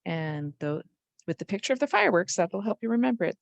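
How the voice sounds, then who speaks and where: A woman's voice: fairly low pitch, expressive, brisk, vocal fry, no echo. A woman teaching a spelling lesson to young children, patiently sounding out letters and words.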